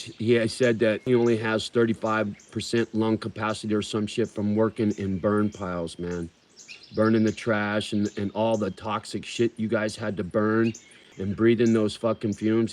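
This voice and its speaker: A man's voice: lowish voice, little pitch movement, moderate pace, darkish tone. A man hosting a livestream, chatting casually with viewers in a profane, rambling and heartfelt way. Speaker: livestream host.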